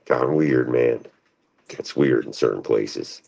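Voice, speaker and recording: On his own stream, a man rambles through a profane monologue, restlessly hopping between thoughts. His delivery is unhurried, and his voice is gravelly, very deep and darkish in tone.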